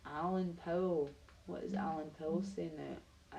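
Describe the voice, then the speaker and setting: A woman's voice: on the low side, unhurried, creaky, dark tone, poor audio. Chatty Scottish woman live streamer. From Scotland. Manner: chatty, blunt, swears, reads out video titles. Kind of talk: casual live-stream chat.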